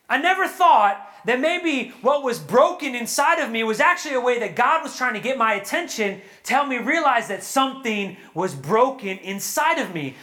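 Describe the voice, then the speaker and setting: A man preaching at a young adult retreat, earnest and animated, acting out prayers and quotes before a live audience. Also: very high-pitched. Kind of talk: sermon.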